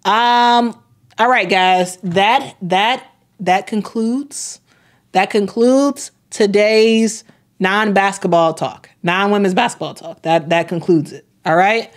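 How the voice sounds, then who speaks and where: A young woman talks loosely on her own live stream, circling back over her words and filling pauses as she reads out the chat. Her voice sits at a middle pitch for a woman. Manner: chatty, repeats words, many fillers, reads chat aloud. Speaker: host of a sports live stream.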